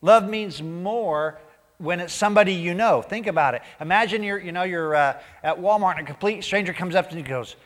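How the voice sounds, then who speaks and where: A pastor delivers his sermon with a voice pitched a bit high, swinging between lively acted-out asides and soft, near-whispered emphasis. The sound carries the long reverb of a large church sanctuary. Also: fairly quick. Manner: animated, acts out quoted voices, drops to near-whisper for emphasis.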